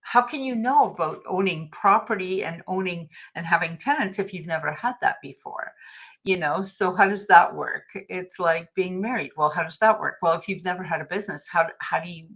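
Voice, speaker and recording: A woman's voice: on the low side, moderate pace, a bit bright. A middle-aged woman hosting a livestream, talking casually and telling stories, laughing often. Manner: chatty, anecdotal, laughs often. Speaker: livestream host. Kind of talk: casual motivational talk.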